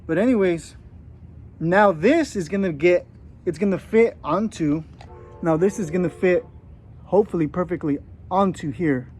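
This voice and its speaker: A man's voice: high-pitched, moderate pace, pauses often, a little mellow, faint music behind. A man in his thirties, joking casually with a put-on Australian accent while giving a hands-on gardening how-to outdoors. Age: 30s. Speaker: gardening vlogger.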